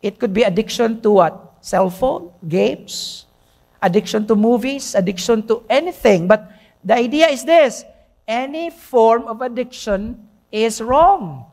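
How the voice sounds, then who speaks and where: A woman's voice: on the high side, lively intonation, measured pace, a little mellow. A middle-aged woman with a Filipino Cebuano accent, preaching a sermon. She teaches by asking questions and answering them, and slips into Cebuano. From Philippines.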